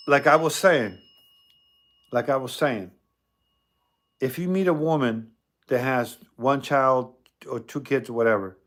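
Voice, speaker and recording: A man hosts a casual spirit-box chat with streetwise slang. He breaks off into animated, scolding asides, and his voice sits at a middle pitch. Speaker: paranormal streamer.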